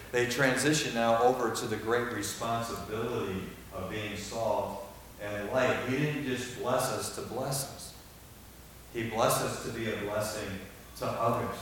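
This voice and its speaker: Older male pastor, emphatic sermon delivery, distant mic in a very reverberant church hall. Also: medium pitch. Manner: emphatic preaching that swings from quiet to loud. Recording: echoey hall from far off, faint hiss.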